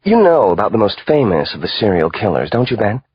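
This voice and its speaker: A male audiobook narrator voicing a cold, calculating contract killer who speaks in a calm, hard way. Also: fairly low pitch, a little fast, breathy edge, no room sound, highs cut off, exaggerated voice. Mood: musing. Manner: calm, hard, matter-of-fact.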